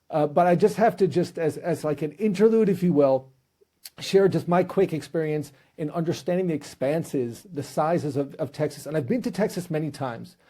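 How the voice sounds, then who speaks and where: High, mellow-voiced male podcast host. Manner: storytelling, humorous, with restarts. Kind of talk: casual interview chat.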